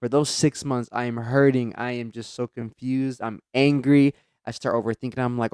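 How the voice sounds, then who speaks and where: Young male podcast co-host, earnest animated storyteller, smooth voice, dry sound. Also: mid-range voice, normal speed, hardly any pauses, dry recording. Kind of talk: casual chat.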